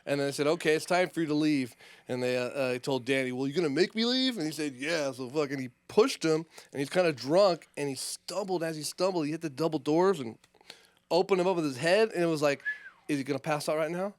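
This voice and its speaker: A man's voice: a little high, brisk. A man co-hosting a podcast who tells a story in a laid-back, rambling way, full of "you know". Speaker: podcast co-host.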